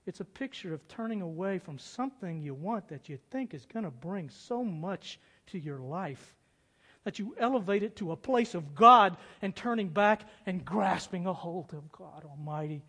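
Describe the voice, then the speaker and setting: Preacher guy, high voice, storytelling that gets big and dramatic, long hall echo. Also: moderate pace, husky. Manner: animated storytelling with dramatic build-ups. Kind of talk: sermon.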